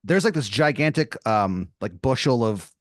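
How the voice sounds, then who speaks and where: A man's voice: mid-range voice, animated, moderate pace, no room sound, clean studio sound. A man hosting a podcast, improvising a comedic scenario in a rambling style full of "like" and "you know.".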